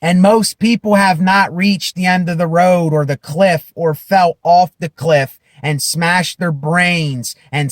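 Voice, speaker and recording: A man with a high, light voice talks slowly and deliberately in a self-help vlog. He repeats phrases for emphasis and builds to loud declarations. The sound is dry and close. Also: no echo. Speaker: vlogger. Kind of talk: impassioned self-help monologue.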